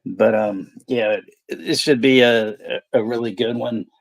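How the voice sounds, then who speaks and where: Man, stream host, joking, laughing, casual, fry in voice, dry sound. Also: medium pitch, steady tone, measured pace, no echo. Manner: joking, laughs between phrases. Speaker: host of a movie watch-party stream. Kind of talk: casual livestream chat.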